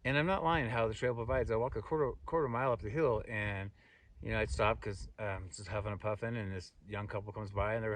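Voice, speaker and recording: Middle-aged male hiking vlogger, low voice, rapid rambling delivery, mic a bit distant. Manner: rambling, animated retelling with many fillers and restarts. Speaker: thru-hiker vlogger. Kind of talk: casual storytelling to camera. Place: outdoors on a mountain trail.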